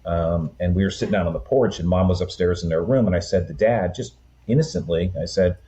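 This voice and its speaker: A man in his sixties, a guest in an interview, tells his family story in a relaxed, rambling way with many "um"s and "you know"s. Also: deep voice, brisk. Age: 60s. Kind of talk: conversational storytelling.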